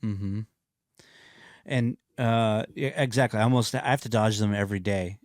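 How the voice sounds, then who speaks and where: A man co-hosting a casual podcast, calm and laid back, often answering with short agreeing replies. His voice is fairly low, and the recording is dry and close. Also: normal speed, no echo. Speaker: podcast co-host.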